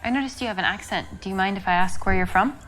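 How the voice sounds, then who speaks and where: An actress playing a young American woman on a date in a video game, answering in short, relaxed replies with an American accent. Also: mid-range voice, quick pace, lightly acted, low-quality recording. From United States.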